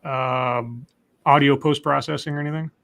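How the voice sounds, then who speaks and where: A man's voice: mid-range voice, level tone, normal speed, vocal fry, fairly bright tone, clear, resonant tone. A man hosting a live call-in stream, chatting casually and joking, with lots of fillers and restarts. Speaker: livestream host.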